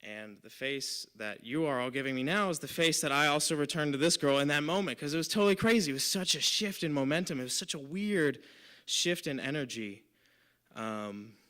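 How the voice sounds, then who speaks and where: Man, 20s, live-stage storyteller; bright, crisp, casual and filler-heavy delivery. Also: a little high, lively intonation, normal speed. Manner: casual, filler-heavy, lots of "like" and "you know". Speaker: volunteer storyteller.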